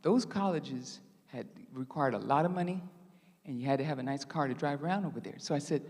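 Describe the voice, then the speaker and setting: An older woman in her sixties delivers a storytelling sermon, lively and quick to laugh as she acts out old conversations. Her voice carries through a big church sanctuary with a long, ringing reverb. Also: low-pitched. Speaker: guest preacher.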